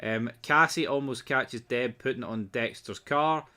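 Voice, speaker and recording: Bright-voiced man, blunt and sweary. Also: medium pitch, moderate pace. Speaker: TV episode reviewer. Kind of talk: casual recap and review.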